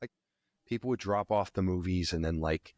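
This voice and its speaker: A man co-hosting a podcast, telling animated stories in casual chat and acting out the people in them. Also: deep voice, normal speed, no room sound, clean studio sound. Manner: animated storyteller acting out customers. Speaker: podcast co-host.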